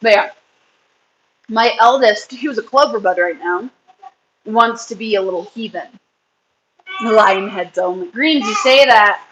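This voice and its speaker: A woman's voice: fairly high pitch, fairly bright tone, a little hiss or hum, rough recording. A woman in her thirties hosting a casual livestream chat, rambling and reading comments while feeding her kids. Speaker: livestream host and rabbit breeder.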